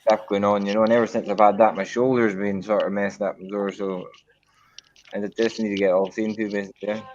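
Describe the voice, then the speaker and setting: A man's voice: fairly low pitch, flat delivery, a little fast, highs cut off. A Scottish man chatting on a video call, talkative and often asking "you know what I mean". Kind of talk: casual video call chat.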